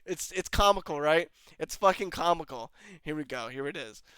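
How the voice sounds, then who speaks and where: An exasperated online reviewer rants over footage, with a lively voice that swings up and down and a smooth, resonant tone. The sound is close and dry, with no room echo. Frequent laughter and swearing punctuate the disbelieving questions. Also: mid-range voice, normal speed. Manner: laughs often between lines, swears freely; exasperated, incredulous rhetorical questions. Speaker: video reviewer. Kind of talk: ranting commentary over footage.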